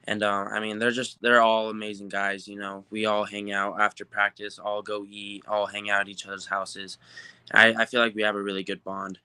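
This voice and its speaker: A teenage football recruit from New Mexico, answering interview questions in an upbeat, rambling way with many fillers. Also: male voice, fairly low pitch, completely flat delivery, normal speed, pushed and bright, smooth, dry recording. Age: teens.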